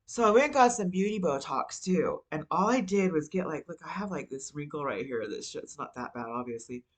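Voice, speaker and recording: A woman's voice: low-pitched, lively intonation, a little fast, rough recording. A woman hosting her own show, talking in a rambling, confessional way, full of "you know" and "like," and swearing casually. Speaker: podcast host. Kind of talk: candid personal vlog monologue.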